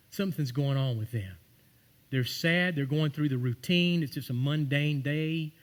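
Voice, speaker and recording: A man preaching a sermon in church, telling stories and acting out the voices of the people in them. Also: on the high side. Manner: storytelling, acting out quoted voices. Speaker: pastor. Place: church sanctuary.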